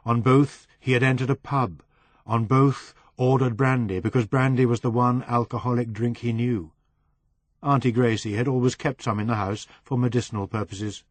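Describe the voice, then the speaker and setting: A man narrating a novel as an audiobook reader, in a measured way that slows on descriptive phrases. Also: medium pitch, steady tone, dry recording.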